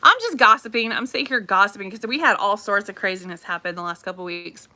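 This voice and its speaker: A woman chatting casually on a livestream, gossipy and animated, repeating herself as she tells a local story. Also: mid-range voice, quick pace. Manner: chatty, animated, says "craziness" often. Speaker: realtor livestream host.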